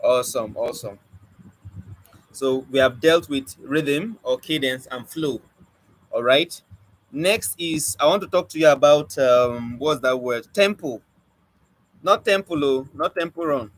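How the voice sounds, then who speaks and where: A man teaches a spoken word poetry class, speaking in quick bursts with a stammer, drilling points and quizzing his students. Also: mid-range voice, low-quality recording. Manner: animated teacher, asks the class questions and drills points by repeating them. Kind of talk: live online class lecture.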